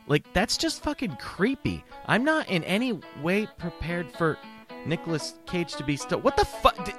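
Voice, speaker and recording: A man's voice: sits high, sing-song, moderate pace, over music. A man hosting a comedy podcast, ranting sarcastically with heavy profanity and mock outrage. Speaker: podcast host. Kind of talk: comedic rant.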